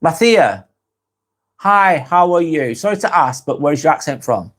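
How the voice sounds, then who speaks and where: A man's voice: fairly high pitch, expressive, a little slow, fairly bright tone. Plain-spoken Lancashire man, swearing freely. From England. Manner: frank, swears freely, muses aloud. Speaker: live-stream host. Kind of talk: casual live-stream chat reading comments.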